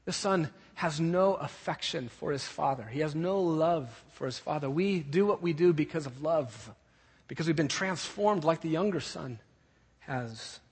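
A male preacher with a high, slightly husky voice, driving his points home by repeating short phrases. His voice rings through a church hall with a long reverb tail. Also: animated, unhurried. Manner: emphatic, repeats key phrases. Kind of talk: sermon.

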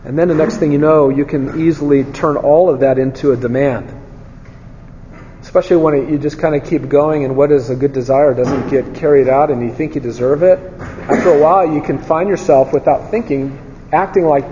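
A man preaches in a relaxed, conversational way, his voice a touch high and warm. He tells candid stories from his own life and tosses rhetorical questions to the room. The recording is dull and lo-fi, with a long hall reverb and faint ambience behind him. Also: fairly quick, a little hiss or hum. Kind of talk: conversational sermon.

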